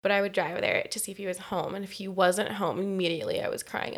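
Gravelly young woman telling stories. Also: medium pitch, a little fast. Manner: candid, profane, laughing through her story. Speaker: podcast co-host. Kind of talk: casual storytelling chat.

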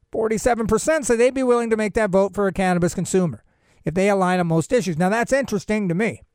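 A man's voice: sits high, clean tone, no room sound, clean studio sound. A man hosting a cannabis news show, reading headlines with sarcastic, rambling asides and jokes. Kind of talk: casual news commentary.

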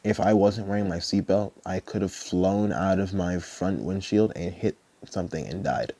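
A man's voice: low-pitched, normal speed, dark tone, husky. A young man hosting a podcast, telling a personal story in a rambling, casual way, full of "like" and swearing. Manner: rambling, heavy use of "like", profane. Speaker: podcast host.

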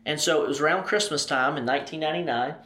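A man's voice: fairly high pitch, fast, sharp tone. A man telling a personal story as an interview guest, animatedly acting out the dialogue. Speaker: ministry president, interview guest. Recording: roomy echo.

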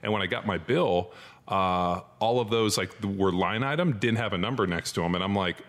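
A man's voice: on the low side, moderate pace, a bit bright, long reverb tail. A man co-hosting a casual podcast, blunt and profane, with lots of fillers. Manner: blunt, swears constantly, filler-heavy. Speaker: podcast co-host.

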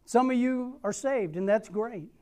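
Animated young man preaching a sermon. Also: extremely high pitch, a little slow. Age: young adult. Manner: animated storyteller acting out dialogue; repeats a rallying question. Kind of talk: sermon with personal testimony.

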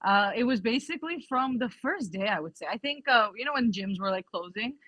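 A woman's voice: a little high, animated, a little fast, a bit bright, no echo. A woman guest on a podcast, chatting casually and acting out quoted exchanges as she tells her story.

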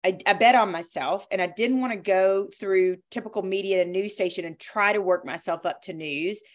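A woman's voice: mid-range voice, moderate pace. A woman, a former sportscaster, speaking as a guest in an interview and telling her stories with emphasis and energy. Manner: emphatic, animated storytelling. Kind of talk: conversational interview.

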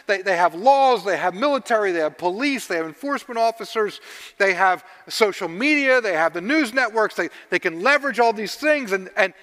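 A man preaching a sermon, telling stories and swinging between loud emphasis and hushed asides. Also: sits high. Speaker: pastor. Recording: long reverb of a large hall.

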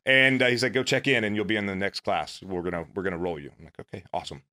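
A man's voice: lowish voice, expressive, quick pace, bright, forceful tone. A man, a former Navy SEAL, telling his own story in casual, earnest, self-deprecating talk.

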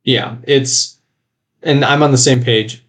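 A man co-hosting a casual podcast, rambling through his points with plenty of restarts and false starts. He laughs easily and keeps things conversational, in a middle-pitched voice. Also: steady tone, takes it slowly. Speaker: podcast co-host. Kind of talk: casual chat.

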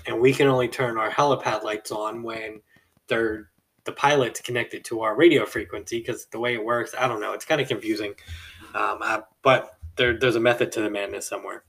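A man's voice: lowish voice, steady tone, fairly quick, vocal fry, a bit bright, husky. A male podcast host telling a story in a loose, casual monologue, rambling and chuckling mid-sentence.

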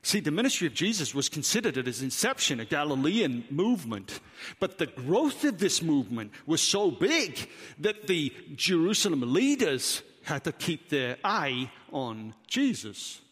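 A man's voice: on the high side, sing-song, moderate pace, a bit bright, husky. A man with a Welsh accent, preaching a sermon as pastor, emphatic and full of rhetorical questions. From Wales. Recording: reverberant hall.

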